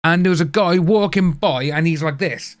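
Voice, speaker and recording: A man's voice: fairly high pitch, moderate pace, no room sound. A British man giving rambling casual commentary and acting out what others said. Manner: chatty, rambling, acts out quotes. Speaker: reaction video host.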